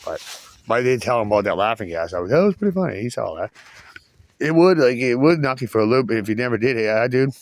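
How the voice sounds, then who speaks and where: Guy rambling on and cussing, normal pitched voice, dry sound. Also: animated, quick pace, no room sound. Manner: rambling, restarts and swears. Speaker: vlogger. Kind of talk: rambling casual storytelling.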